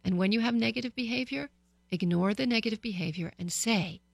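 A woman hosting a radio talk show, giving parenting advice to listeners in a lively, storytelling way, speaking into a studio microphone. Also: on the high side, fairly quick, gravelly, no echo.

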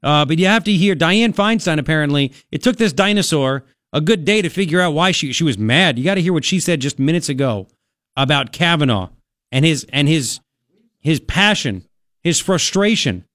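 A man's voice: a little high, expressive, moderate pace, a bit bright, no echo, studio quality. A man hosting talk radio, giving indignant, mocking commentary.

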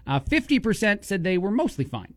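A man's voice: high voice, sing-song, no room sound. Chatty radio host man, dry studio sound. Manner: chatty, jokey, quick asides. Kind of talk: casual radio chat. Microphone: studio microphone.

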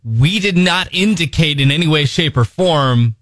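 A man's voice: a little high, expressive, normal speed, fairly bright tone, no room sound. A man co-hosting a morning radio show, teasing and wry in casual banter, tripping over restarts. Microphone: studio microphone.

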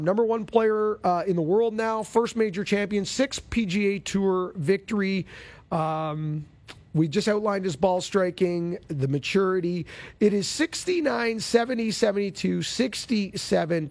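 A man's voice: sits high, a little slow. A male golf show host chatting casually with a co-host and reading a product plug in a self-deprecating way. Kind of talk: casual show chat and ad read.

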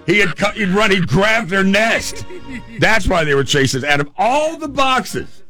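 A man's voice: high voice, lively intonation, unhurried, sharp tone, soft background music. A man hosting a show, telling a funny story in a casual, chatty way with restarts. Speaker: podcast host.

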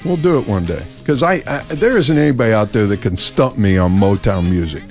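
A man's voice: fairly low pitch, animated, fairly quick, darkish tone, faint music behind. A man hosting a casual radio talk show, playful and boastful, laughing often.

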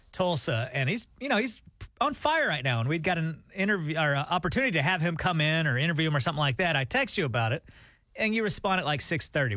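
Higher-voiced deadpan male radio host. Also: no room sound, clean studio sound. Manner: deadpan, mock-serious joking. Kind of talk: casual radio banter. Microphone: studio microphone.

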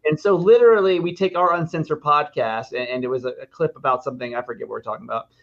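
A male radio co-host chatting in an easygoing, wry way as he tells an old on-air story. His voice sits a bit high for a man, and the recording sounds dull and lo-fi. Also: steady tone, quick pace, fairly bright tone. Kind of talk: casual storytelling chat.

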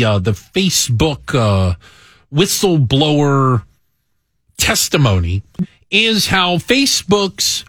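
A man hosting a radio talk show, chatting casually, animated and self-mocking, with frequent restarts. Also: a little high, dry recording, clean studio sound. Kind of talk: casual on-air banter.

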